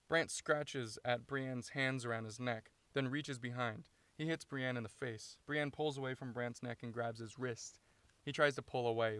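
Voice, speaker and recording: A man reading his own screenplay aloud, steady and matter-of-fact, inside a parked car. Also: mid-range voice, normal speed, clear, resonant tone, dry recording. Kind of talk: script read-through narration.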